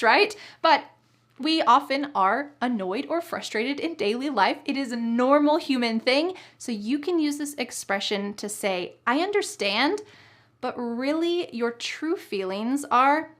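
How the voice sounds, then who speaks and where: A cheerful American woman gives an online English lesson in a fairly high voice. She explains phrases clearly, laughs often and acts out different tones of voice to show how each example should sound. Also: expressive, unhurried, a bit bright. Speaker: English teacher.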